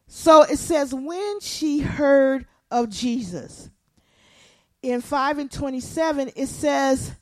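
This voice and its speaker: A woman preaching a sermon in church, swinging from soft, low asides to impassioned near shouting. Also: no room sound.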